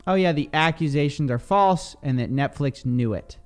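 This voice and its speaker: A man's voice: fairly high pitch, moderate pace. Male podcast host, casual and earnest, faint background music. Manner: earnest, agreeable, says "dude" often.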